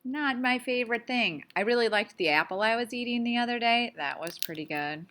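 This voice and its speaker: A woman's voice: fairly high pitch, expressive, fairly quick, fairly bright tone. A woman teaching a casual science lesson on video, playful and chatty, asking lots of questions and sometimes talking with her mouth full. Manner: talks with her mouth full while eating.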